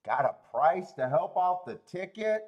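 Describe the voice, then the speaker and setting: A man hosting a horse racing betting livestream, thinking aloud through the odds and cracking himself up with loud bursts of laughter. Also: high voice, lively intonation, a little slow, highs cut off. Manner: thinks aloud, laughs at his own jokes; loud bursts when amused. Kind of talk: casual livestream handicapping commentary.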